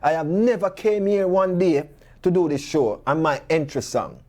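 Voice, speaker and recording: A man with a Jamaican accent, hosting a talk show monologue full of rhetorical questions and animated stories in patois. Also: on the high side, moderate pace.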